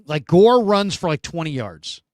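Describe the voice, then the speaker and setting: Emphatic, animated man hosting sports talk. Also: on the high side, measured pace, no room sound, studio quality. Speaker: sports show host.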